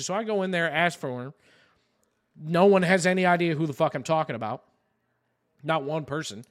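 A man's voice: a little high, normal speed, pauses often. A man, a podcast co-host telling a story in casual chat, with a profane, exasperated delivery.

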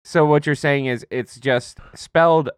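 Young male co-host, smooth resonant voice, dry close sound, playful crude rants. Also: fairly high pitch, steady tone, unhurried, dry recording. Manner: mock-ranting, crude, playful. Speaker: podcast co-host. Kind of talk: casual podcast banter.

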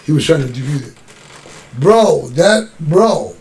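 Gravelly profane man telling a street story. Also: fairly high pitch, a little slow. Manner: profane, animated street storyteller acting out quotes. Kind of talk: casual storytelling.

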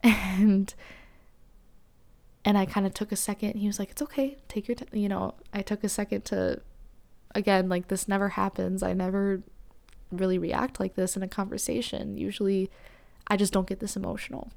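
A young woman hosting a podcast, telling a personal story candidly with many fillers and breathy whispered asides. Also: medium pitch, little pitch movement, moderate pace, long pauses, a little mellow. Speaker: podcast host.

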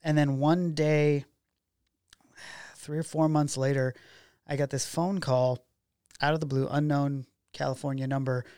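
A man's voice: fairly high pitch, unhurried, long pauses, clean tone, no echo, clean studio sound. A man, a documentary filmmaker guest, chatting casually in an interview and acting out the dialogue in his stories. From Oregon. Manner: animated storyteller who acts out quoted dialogue.

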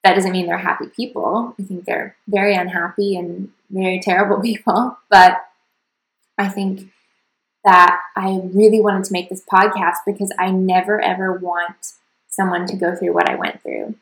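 Earnest woman with vocal fry, roomy sound. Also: mid-range voice, little pitch movement, normal speed, a bit bright. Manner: earnest, confessional. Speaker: podcast host. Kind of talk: personal storytelling monologue.

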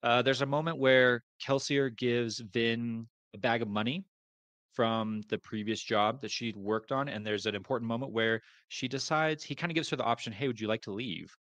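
A male podcast co-host casually sums up chapters of a book, hesitating, restarting, and sounding unsure whenever unfamiliar names come up. His voice is medium in pitch and fairly bright, at a normal speed, with no room sound.

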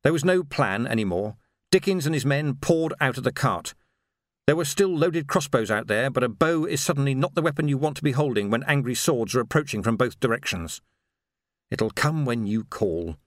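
A man reads a novel aloud in a steady, measured way, his pitch in the middle range. The recording is dry and close, with no room sound at all. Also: no echo. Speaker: audiobook narrator. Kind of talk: audiobook narration.

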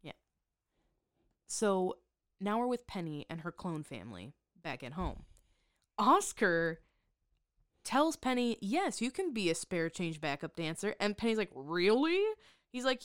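A woman co-hosting a podcast in casual chat, recapping a show with sarcastic, exasperated asides and quick laughs. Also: mid-range voice, very animated, dry recording, studio quality. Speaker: podcast co-host.

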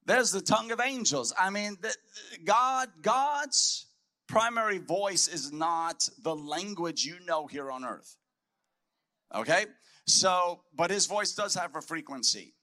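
Male preacher, bright, slightly high, emphatic delivery, conference sermon. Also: lively intonation, slow pace. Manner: emphatic, repeats key phrases. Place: conference hall.

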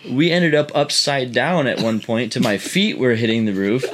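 A man's voice: medium pitch, moderate pace, slight background noise. A man casually telling a rambling, profane story to friends as a podcast co-host.

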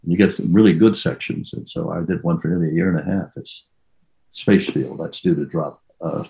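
Older male actor, very low gravelly voice, rambling anecdotal storyteller. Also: normal speed, dark tone, low-quality recording. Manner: rambling, reminiscing, trails off and restarts. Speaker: actor being interviewed. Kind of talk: casual anecdotal interview.

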